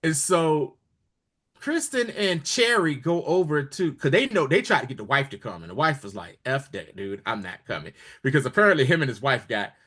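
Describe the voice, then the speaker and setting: Man, podcast co-host, casual recap, higher pitch, bright, very lively delivery, acts out dialogue. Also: a little fast. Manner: animated, acts out characters' lines while retelling.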